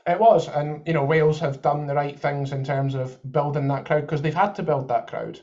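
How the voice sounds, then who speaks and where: Bloke chatting football, bit high pitched, dull muffled mic. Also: male voice, normal speed, darkish tone. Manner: chatty, thinks aloud, backs points with examples. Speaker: podcast co-host. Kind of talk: live football watchalong chat.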